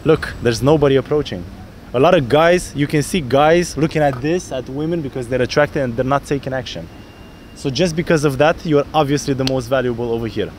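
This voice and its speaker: A man's voice: medium pitch, brisk, slight background noise. A man coaching a student on a city street, explaining how to approach women and acting out his lines. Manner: animated, acts out pickup lines in different voices. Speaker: dating coach. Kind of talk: outdoor coaching talk.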